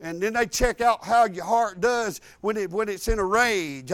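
Older male preacher, high clear voice, folksy humorous storyteller. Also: expressive, moderate pace, hardly any pauses, a bit bright, dry recording. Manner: folksy, humorous, drops to low asides. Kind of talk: sermon with personal storytelling.

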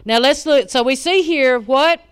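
Lady preacher, smooth clear voice, goes loud then real quiet. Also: sits high, measured pace. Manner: swings from loud emphatic peaks to hushed asides, with laughs. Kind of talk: sermon.

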